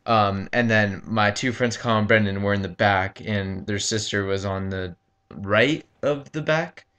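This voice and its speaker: Guy, slightly low voice, halting casual storyteller who says um constantly and swears loosely. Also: fairly bright tone, smooth. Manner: rambling, halting, full of ums and likes. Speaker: gaming commentator. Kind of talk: casual storytelling over gameplay.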